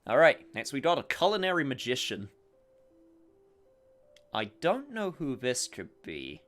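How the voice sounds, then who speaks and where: A man's voice: mid-range voice, sing-song, unhurried, a bit bright, soft background music. A man streaming a game, chatting casually and reading its dialogue aloud. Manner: chatty, rambling with restarts.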